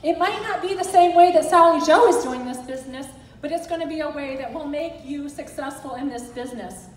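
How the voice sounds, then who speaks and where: A woman's voice: high-pitched, brisk, a little hiss or hum. A middle-aged woman giving an earnest, encouraging motivational talk as a direct sales team director. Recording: echoey hall from far off.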